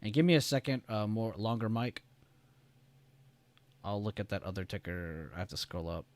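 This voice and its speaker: A man's voice: lowish voice, moderate pace. A young man from the United States hosting a casual trading live stream, rambling and reading chat messages aloud.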